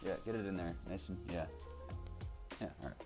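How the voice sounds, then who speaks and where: Low-voiced man narrating a cooking video. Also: brisk, music in the background.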